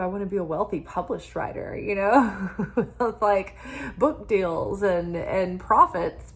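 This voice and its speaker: A woman's voice: medium pitch, a bit bright. A woman giving a casual spoken tarot reading, earnest and musing, often checking in with "right?" and "you know.". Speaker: tarot reader.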